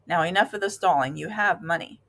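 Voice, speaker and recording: A woman's voice: fairly low pitch, fairly quick, a bit bright. A woman voicing a blunt, worldly male cat in a storybook reading, with a dry and impatient delivery. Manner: dry, impatient, matter-of-fact. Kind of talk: storybook read-aloud.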